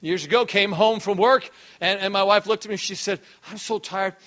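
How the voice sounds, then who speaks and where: A male pastor preaching a sermon with lots of energy, dropping low and quiet, then breaking into sudden shouts. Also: fairly even intonation, fairly quick, muffled recording.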